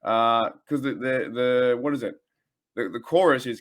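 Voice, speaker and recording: A man's voice: medium pitch, a little slow. Rambling Australian man hosting a podcast. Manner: rambling and jokey, with many fillers and restarts. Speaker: podcast host. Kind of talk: casual podcast chat.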